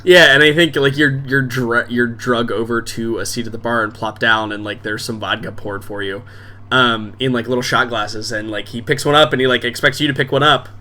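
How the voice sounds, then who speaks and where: A man's voice: mid-range voice, steady tone, brisk, pushed and bright. A man narrating as game master in a casual, filler-heavy way.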